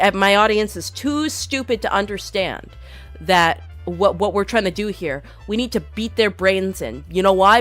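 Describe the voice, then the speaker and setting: Bright-voiced woman ranting on stream. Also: medium pitch. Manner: opinionated, rambling rant. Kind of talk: casual live-stream chat.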